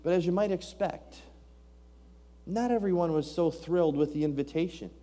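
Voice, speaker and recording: A man's voice: on the high side, normal speed, warm tone. A man preaching a sermon, reading scripture aloud and asking rhetorical questions with rising emphasis. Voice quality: King James scripture reading.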